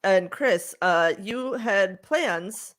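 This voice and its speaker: A woman's voice: medium pitch, expressive, extremely slow, fairly bright tone. A woman co-hosting a podcast in casual chat, giggly and rambling, with lots of fillers and repeated words. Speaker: podcast co-host.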